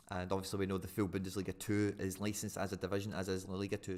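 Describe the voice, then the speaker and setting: Streamer guy, lowish voice, rambling excitable chat into a desk mic. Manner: chatty and excitable, rambling with many fillers. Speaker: live streamer. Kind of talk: casual live-stream chat, reacting to viewers.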